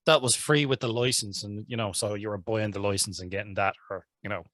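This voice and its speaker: A man's voice: on the low side, fairly even intonation, fairly quick, fairly bright tone, dry recording. A man with an Irish accent, a podcast co-host chatting casually, rambling and laughing often. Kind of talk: casual chat.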